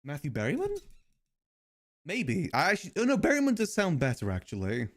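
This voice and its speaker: A man's voice: a little high, wildly swooping pitch, fairly quick, a bit bright. A man streaming live, chatting casually with his viewers and joking between tasks. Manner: chatty, joking asides to chat.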